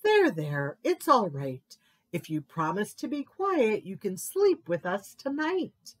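A woman's voice: mid-range voice, sing-song, slow pace. A woman voicing a big male bear who grumbles and growls in a children's story. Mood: grumbly.

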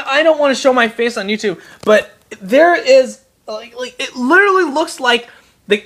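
A young adult video game reviewer giving a profane, exasperated, emphatic rant about a game. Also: mid-range voice. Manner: animated, emphatic delivery.

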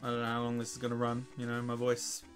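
Monotone and fast, an English let's play host comments on a game in a tired, weakened voice of ordinary mid-range pitch, cursing and laughing at his opponents as soft music plays faintly in the background.

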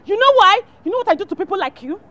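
An actress playing a furious young fiancée who rants and threatens. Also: female voice, extremely high pitch, expressive, rapid-fire, full character voice. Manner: shouting, threatening. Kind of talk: film drama.

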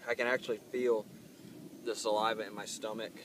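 A man's voice: on the low side, level tone, a little fast, background noise. A man hosting his own channel, talking casually and earnestly to camera outdoors while in pain from pepper heat. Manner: earnest, rambling, with fillers. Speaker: channel host reviewing hot peppers. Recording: distant mic with faint outdoor ambience.

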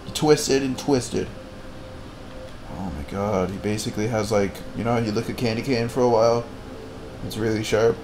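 A man giving goofy, crude gameplay commentary with sudden loud outbursts. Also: on the low side, steady tone, moderate pace, background noise. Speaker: gaming channel host.

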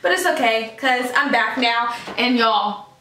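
A woman's voice: a little high, a little slow, bright, forceful tone, a little hiss or hum. A young woman vlogging casually to camera, rambling with lots of fillers and slang. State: out of breath. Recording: echoey room, far from mic.

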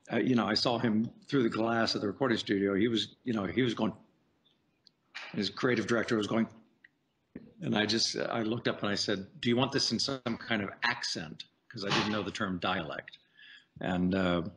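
Deep-voiced man telling career stories. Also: moderate pace, long pauses, husky. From United States. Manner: chatty, animated anecdotes with playful voice impressions. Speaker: voice actor guest. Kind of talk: casual interview storytelling.

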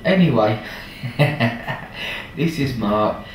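A man's voice: mid-range voice, animated, extremely slow, slight background noise. A man in a hospital ward, speaking a chatty, jokey video message of thanks with affectionate banter. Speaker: message sender thanking staff. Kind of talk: casual spoken video message. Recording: echoey room, distant mic.

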